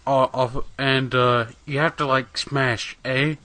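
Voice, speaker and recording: A man's voice: mid-range voice, steady tone, slow, pushed and bright, no room sound. A man casually chatting on a gaming podcast, rambling with lots of fillers and swearing. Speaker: podcast co-host.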